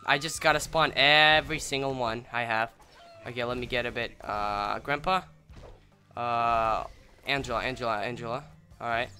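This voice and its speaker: A young man commentating his own gameplay, rambling and apologizing, then yelling in excitement, a little sick and clearing his throat. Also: medium pitch, moderate pace, soft background music. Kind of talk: casual let's-play commentary.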